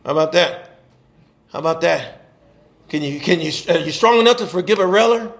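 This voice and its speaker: A man's voice: a little high, normal speed, creaky. A middle-aged man preaching a sermon in a folksy way, asking the congregation rhetorical questions and laughing between points. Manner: animated preaching, rhetorical questions, call and response.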